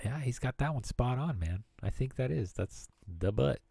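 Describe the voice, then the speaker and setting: A man's voice: mid-range voice, lively intonation, moderate pace, gravelly, warm tone, slightly rough, no echo. A man streaming from his computer at home, chatting casually and rambling into jokes and word games. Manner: rambling and jokey, riffing on words. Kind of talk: casual live-stream chat.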